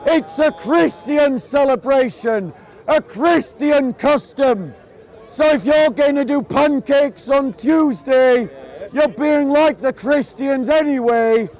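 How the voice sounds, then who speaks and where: A man preaching to a crowd in an open-air park, slow and emphatic, often raising his voice. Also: very high-pitched, darkish tone. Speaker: street preacher. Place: outdoor public park speaking spot. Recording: outdoors with a crowd murmuring.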